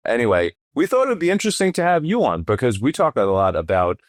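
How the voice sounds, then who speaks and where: A man's voice: mid-range voice, very animated, quick pace, dry recording. A man co-hosting a podcast, chatting in a friendly, laid-back way. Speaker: podcast co-host. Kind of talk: casual podcast chat.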